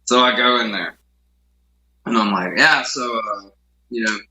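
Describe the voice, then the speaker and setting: A man co-hosting a podcast, telling a story in a casual, expressive way. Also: fairly low pitch, measured pace, slightly rough, rough recording. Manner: lively, expressive, swears freely. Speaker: podcast co-host.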